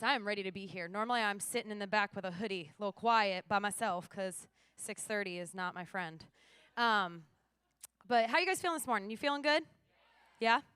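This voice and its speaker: A young woman giving a morning church devotional, telling a story with lively acted-out dialogue. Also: medium pitch, clear, resonant tone, no echo. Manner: animated storyteller, acts out dialogue.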